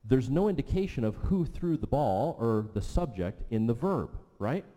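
Speaking at a moderate pace with a mid-range, mellow voice, a middle-aged male pastor delivers a relaxed teaching sermon. He questions the congregation conversationally and punctuates points with "right" and "okay." A large hall's long reverb surrounds his voice.

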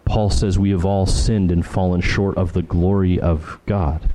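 A man's voice: low voice, steady tone, measured pace, mellow, low-quality recording. A man preaching a verse-by-verse sermon as pastor, earnest and building emphasis through repeated phrases. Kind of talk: expository sermon.

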